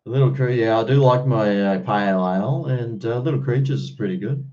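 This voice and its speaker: An Australian man live-streams, casually chatting with viewers and answering their comments bluntly while swearing freely. His mid-range voice is slightly fast and a bit mellow, and the recording sounds muffled.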